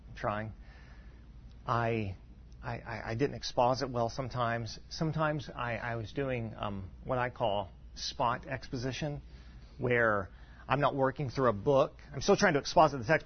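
A man in his forties, a pastor, preaching a sermon in an earnest, self-deprecating way, often restarting and clearing his throat. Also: mid-range voice, lo-fi sound, a little hiss or hum. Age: 40s.

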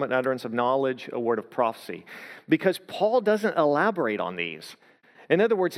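Man preaching in a reverberant hall. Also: medium pitch. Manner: conversational storytelling with repeated restarts. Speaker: pastor. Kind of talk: sermon.

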